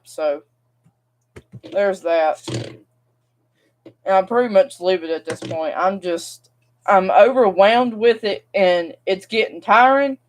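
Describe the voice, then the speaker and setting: A young woman, venting to camera in a casual, rambling vlog rant. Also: mid-range voice. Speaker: vlogger.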